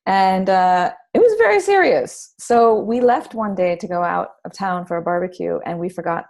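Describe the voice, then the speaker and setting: Brief: female parenting author guest, warm mellow tone, chatty storyteller, lots of restarts. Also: on the low side, normal speed. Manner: animated storytelling with many restarts and fillers. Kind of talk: casual interview conversation.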